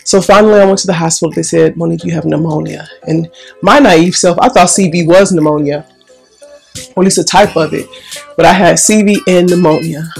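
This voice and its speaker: A woman telling a personal story in a chatty, animated way, acting out what people said. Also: on the low side, brisk, gravelly, husky, faint music behind. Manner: chatty, animated, restarts and acts out quotes. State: recovering breath after illness. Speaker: vlogger.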